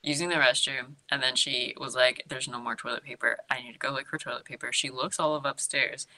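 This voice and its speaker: A woman's voice: very deep voice, fairly even intonation, fairly quick, sharp tone. A young woman co-hosting a podcast, recapping a movie in a casual, giggly way and acting out the characters' lines. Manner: chatty, giggly, acts out quotes. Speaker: podcast co-host.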